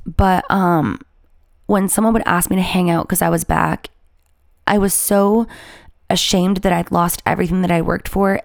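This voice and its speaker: Young woman, twenties, YouTuber, rambling confessional storytelling, gravelly fry, dry close sound. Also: fairly low pitch, darkish tone, no room sound. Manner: rambling, confessional, heavy with "like" and restarts. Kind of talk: candid personal storytelling to viewers.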